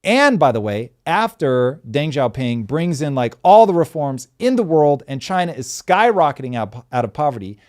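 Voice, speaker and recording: A man's voice: a little high, very animated, moderate pace, hardly any pauses. A middle-aged man hosting a show, riffing with emphatic, sarcastic energy and the odd swear. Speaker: show host. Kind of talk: animated commentary chat.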